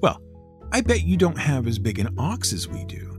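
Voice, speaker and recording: A man's voice: fairly high pitch, big pitch swings, normal speed, faint music behind, voice pushed up. A man voicing a boastful young princess who tells tall tales.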